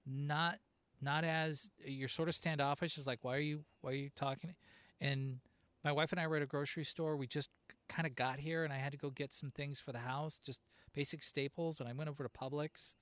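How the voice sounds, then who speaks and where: A man's voice: a little high, fairly even intonation, brisk, fairly bright tone, smooth, no echo. A middle-aged man from Southern California hosting a casual chat, telling stories and laughing often. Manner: chatty storyteller, laughs often.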